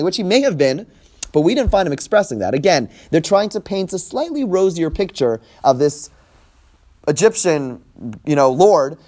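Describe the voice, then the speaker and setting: Middle-aged guy teaching a class, kinda high voice, reads hebrew lines then explains, repeats himself a lot. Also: a little mellow. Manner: explanatory, repeats words, translates Hebrew text line by line. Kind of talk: classroom Torah lesson.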